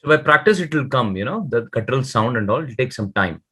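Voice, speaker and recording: A man teaching a beginner Dutch lesson over a video call, patient, and sounding out words very slowly. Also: mid-range voice, animated, pushed and bright, husky. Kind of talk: online one-to-one language lesson.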